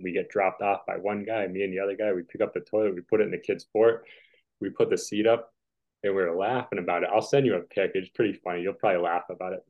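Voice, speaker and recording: A man in his forties with a very low voice tells a long, rambling story over a video call, full of "like" and "you know" fillers. The call audio sounds dull and lo-fi. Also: steady tone, fast. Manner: rambling, filler-heavy, chuckling. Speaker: podcast guest, tennis player. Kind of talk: casual storytelling.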